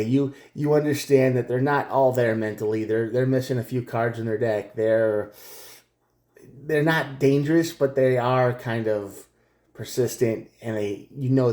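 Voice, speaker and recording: A man gives a casual tarot reading, speaking straight to the viewer. His voice is mellow and warm at a middling pitch. He rambles, tripping over and repeating his words, with frequent chuckles. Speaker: tarot reader.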